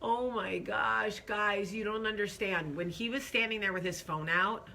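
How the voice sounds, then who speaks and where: A woman host telling a funny story in an animated, self-deprecating way, acting out the quotes. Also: mid-range voice, unhurried, creaky, a little hiss or hum. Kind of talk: comic storytelling.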